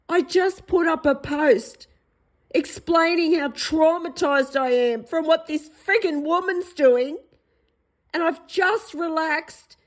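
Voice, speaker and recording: Upset and pleading, an Australian vlogger repeats herself through a distressed personal monologue, her high-pitched voice turning hoarse. The recording is rough.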